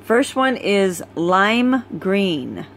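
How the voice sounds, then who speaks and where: A woman's voice: mid-range voice, very animated, a little hiss or hum. A tired woman breeder casually presenting a litter of puppies, filmed on a phone at home. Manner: slow, easygoing, chatty. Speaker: dog breeder.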